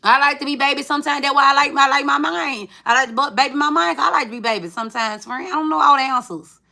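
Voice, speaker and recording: A woman's voice: sits high, fast, gravelly, pushed and bright. A woman giving a tarot reading in casual, chatty talk, swearing freely and calling the viewer friend. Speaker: tarot reader.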